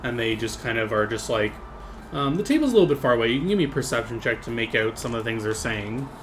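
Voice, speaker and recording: A man's voice: medium pitch, expressive, fast talker, a little hiss or hum. A man narrating as game master in a casual, rambling way with lots of fillers.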